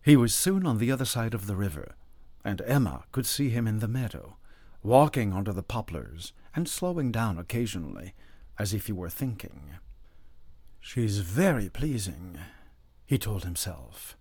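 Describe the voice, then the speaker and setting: Husky male audiobook narrator. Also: on the low side, very animated, moderate pace, mellow, no room sound. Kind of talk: scripted narration of a classic novel.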